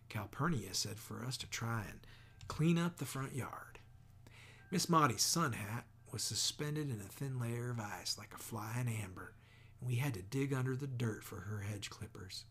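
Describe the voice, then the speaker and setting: Reading a novel aloud, a man narrates from a script in a steady, measured way. His voice is lowish and slightly rough.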